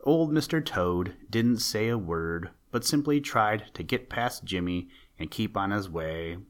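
A man narrating a children's storybook in a gentle, even storytelling manner. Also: fairly low pitch, unhurried.

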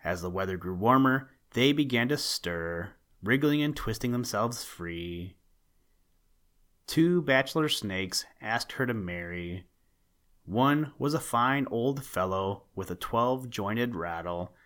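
A man reading a children's story aloud in a measured, gentle way as a podcast host. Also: on the low side, lively intonation. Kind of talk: storybook narration.

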